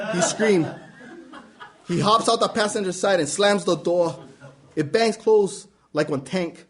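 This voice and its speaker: A man reading a story aloud with a wry, storytelling delivery. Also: high voice. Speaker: reader. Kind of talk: spoken-word story reading.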